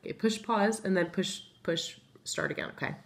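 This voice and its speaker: A woman on the low side of the pitch range, with a creaky voice and a normal pace, teaches first grade phonics remotely in a recorded lesson, with slight background noise. She is patient and encouraging. She talks while writing on a board, spelling out words letter by letter.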